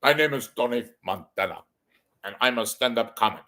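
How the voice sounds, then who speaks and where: A man doing an impression of a movie gangster as a stand-up comic, loud with a heavy put-on accent. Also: mid-range voice, normal speed, natural voice. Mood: menacing.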